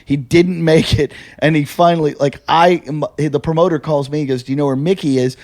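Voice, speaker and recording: This is a male comedian co-hosting a podcast. His voice sits a little high for a man. He tells stories in a loose, animated way, laughing and swearing freely. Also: a little fast. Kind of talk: casual storytelling chat.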